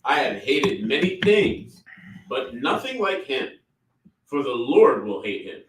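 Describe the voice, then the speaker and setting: Slow male scripture reader, far off. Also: medium pitch, big pitch swings. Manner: slow, measured reading. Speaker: class member reading scripture. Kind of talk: reading scripture aloud. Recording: distant, echoey room mic with faint background noise.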